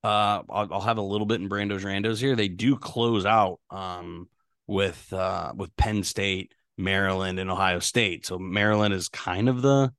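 A man's voice: sits low, fairly even intonation, normal speed, fairly bright tone, no room sound, clean studio sound. A man co-hosting a casual sports podcast, talking through stats with frequent fillers. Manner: conversational, stats-heavy, many fillers. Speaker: podcast co-host.

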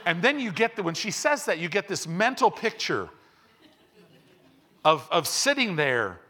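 A middle-aged man preaches a sermon from a church pulpit. His voice is bright and a touch higher than most men's. He moves from quiet, conversational teaching to loud, fervent calls, leading the congregation in call-and-response. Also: sing-song, unhurried. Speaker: pastor.

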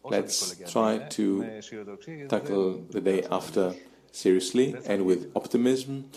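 A man speaking in a live webcast panel discussion, halting and pausing often with fillers. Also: lowish voice, creaky, dark tone. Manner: halting, with many pauses and fillers.

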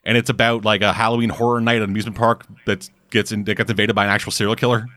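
A man's voice: fairly low pitch, flat delivery, racing, bright, forceful tone, dry recording. A man hosting a casual podcast, talking in a rambling, sarcastic way and swearing often. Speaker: podcast host.

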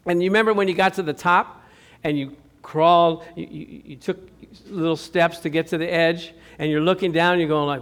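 A man's voice: a little high, fairly quick. A man preaching a sermon as pastor, telling stories with acted-out quotes and putting questions to the congregation. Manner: lively storytelling with acted-out quotes, asks the audience questions.

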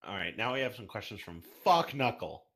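A man hosting a casual podcast and reading out listener questions. His pitch swings widely and his delivery is lively and animated. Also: fairly quick.

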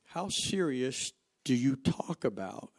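A pastor delivers a sermon in a slow, sing-song, medium-pitched voice. He poses rhetorical questions to the congregation and shares personal stories, shifting between loud emphasis and quiet asides.

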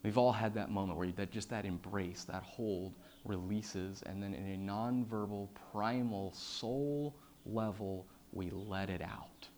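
A man with a somewhat low voice tells a personal story from a stage with slides. He swings between loud, excited bursts and hushed, quiet moments, often restarting his sentences. A faint hiss sits under his speech. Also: measured pace, hardly any pauses. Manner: lots of fillers and repeated starts. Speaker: public speaker.

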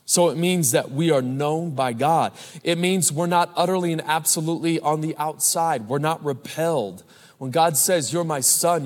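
A man in his thirties preaching a sermon as pastor, animated, telling stories and calling out to the congregation. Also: a little high. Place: large church. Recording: live church hall with long reverb.

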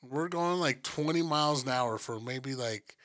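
A man from Colorado telling stories in casual chat, animated and profane, jumping into high excited voices when he quotes people. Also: moderate pace.

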